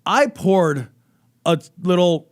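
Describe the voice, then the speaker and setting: A man co-hosting a casual podcast chat, animated and swearing, with exaggerated reactions. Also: high-pitched, takes it slowly, slight background noise. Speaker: podcast co-host.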